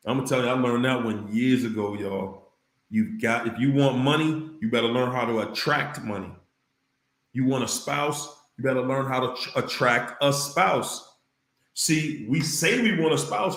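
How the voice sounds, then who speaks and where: A man hosting a casual livestream, reading viewer comments aloud, repeating phrases for emphasis and breaking into loud exclamations. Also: medium pitch, echoey room.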